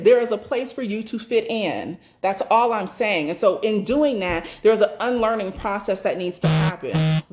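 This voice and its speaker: A woman's voice: mid-range voice, a little mellow. Emphatic woman giving a pep talk. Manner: emphatic, repeats phrases for stress, swears freely; acts out inner thoughts in quick rushed asides. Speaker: doula business mentor. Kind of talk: casual motivational talk.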